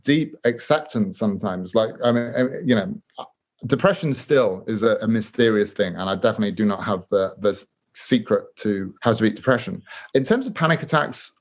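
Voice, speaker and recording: A man, a guest author, talks through his thoughts in an interview. He is earnest and halting, often restarting mid-sentence, at a middle pitch for a man. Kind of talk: reflective interview talk.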